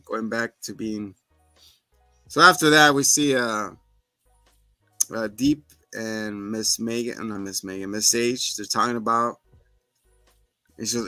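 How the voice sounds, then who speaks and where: A man's voice: on the low side, fairly even intonation, measured pace, pauses often, sharp tone, no room sound, faint music behind. A man co-hosting a podcast, casually rambling through scene recaps and acting out quotes. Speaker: podcast co-host. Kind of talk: casual chat.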